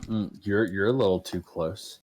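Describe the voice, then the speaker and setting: A man's voice: on the low side, moderate pace, darkish tone. A man dropping in as a guest who chats casually and jokes around with the group. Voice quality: playful, joking. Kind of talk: casual chat.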